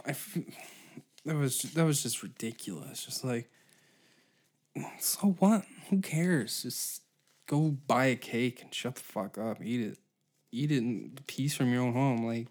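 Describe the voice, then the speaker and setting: A man's voice: mid-range voice, a little mellow. A man hosting his own podcast, ranting sarcastically with heavy swearing, frequent stutters and restarts. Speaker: podcast host. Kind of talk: casual solo podcast rant.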